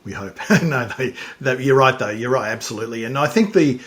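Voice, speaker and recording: Brief: mid-pitched man, relaxed podcast host, chatty and searching for words. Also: fairly quick. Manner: conversational, casual, frequent restarts. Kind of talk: podcast interview chat.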